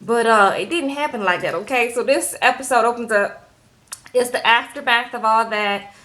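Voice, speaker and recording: Lady vlogging a show recap, high bright voice, keeps saying okay?. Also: normal speed. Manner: chatty, tags lines with a questioning "okay?". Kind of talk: casual recap chat.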